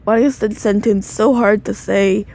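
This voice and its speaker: A woman's voice: mid-range voice, fairly even intonation, measured pace, mellow. A sleepy, yawning woman reading a second-person fan story aloud into a phone, stumbling over words and stopping to comment on the text. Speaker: reader of fan fiction. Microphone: phone microphone.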